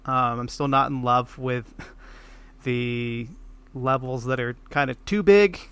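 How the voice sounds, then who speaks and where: A man's voice: mid-range voice, slow pace, fairly bright tone, clear, resonant tone. A man guesting on a gaming podcast, talking casually with many ums and a wry edge.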